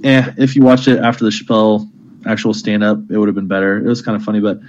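A man's voice: lowish voice, level tone, fast, a little mellow, lo-fi sound, a little hiss or hum. A man co-hosting a casual podcast, rambling about shows he watched, laughing often and swearing casually. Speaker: podcast co-host. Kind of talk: casual chat among friends.

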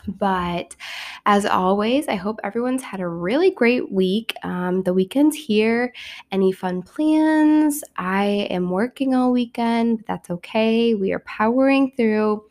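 A young adult woman hosting a casual solo podcast, hoarse and raspy from a cold, chatty and joking at her own expense. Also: medium pitch, takes it slowly, darkish tone. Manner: chatty, self-mocking, upbeat. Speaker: podcast host.

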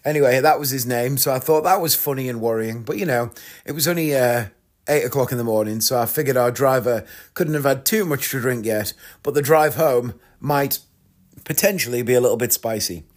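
A man with an English accent, a magician and podcast host, telling comic stories in a wry, deadpan way. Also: medium pitch, brisk. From England. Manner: wry, deadpan storytelling with frequent laughs. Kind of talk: comic storytelling monologue.

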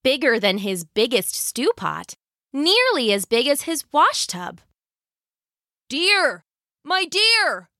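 A woman narrating a folk tale as a storyteller, slow and expressive. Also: fairly high pitch, no room sound, clean studio sound.

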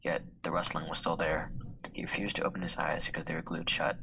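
A man reading a story aloud in a hushed, half-whispered way. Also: very deep voice, level tone, fairly quick, vocal fry, noisy background. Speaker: student reader.

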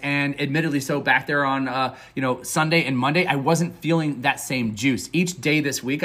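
A success coach hosts a motivational podcast in a fairly high, sharp-toned voice. He's upbeat, earnest, and conversational, with fillers and restarts.

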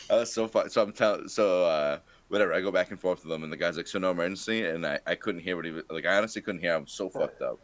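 A man's voice: low voice, quick pace, dry recording. A man from Rhode Island, a podcast co-host, telling a profane, rambling story in casual chat.

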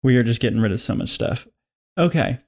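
A man co-writing a comedy sketch in casual chat, relaxed and thinking aloud. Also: mid-range voice, brisk. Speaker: sketch co-writer. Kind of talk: casual script workshop chat.

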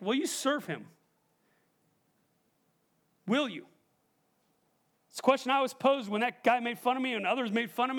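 Young male pastor with a high voice, preaching emphatically and putting questions to the congregation. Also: a bit bright. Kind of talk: sermon.

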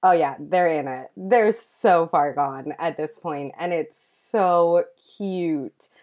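A woman with a slightly low voice talks through episode recaps in a loose, gushing way. She peppers her sentences with "like" and little asides. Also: slow pace, a little mellow. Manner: gushing, enthusiastic, lots of "like". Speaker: podcast co-host recapping a show. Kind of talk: casual chat.

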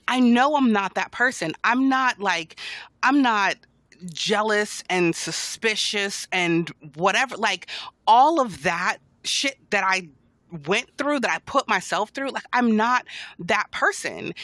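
A woman co-hosts a casual podcast in a bright, lively voice that swings up and down. She talks bluntly and expressively and laughs often. Her voice sounds dry and close, with little room sound. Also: medium pitch, slow, no room sound. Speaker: podcast co-host. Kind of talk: casual chat.

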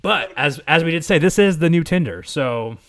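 A man's voice: a little high, lively intonation, normal speed, a bit bright. A man from the East Coast of the US hosting a casual podcast chat, joking and teasing his guest and laughing often. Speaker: podcast host.

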